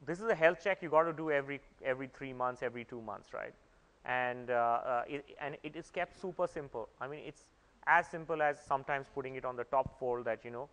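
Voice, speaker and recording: A man's voice: mid-range voice, a bit bright. A man speaking at a conference, explaining at length and often restarting his phrases. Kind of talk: conference talk. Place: conference hall. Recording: echoey conference hall.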